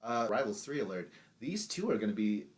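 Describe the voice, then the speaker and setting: A man's voice: lowish voice, very animated, a little fast. A man co-hosting a casual podcast, loose and profane, laughing often and doing mocking impressions of people. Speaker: podcast co-host.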